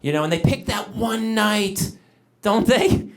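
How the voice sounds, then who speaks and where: Stand-up comic man with a lively delivery. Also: high-pitched, a little slow. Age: middle-aged. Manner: animated, exaggerated storytelling with shouted punchlines. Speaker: stand-up comedian. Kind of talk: stand-up comedy set. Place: comedy stage before a live audience. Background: audience laughter.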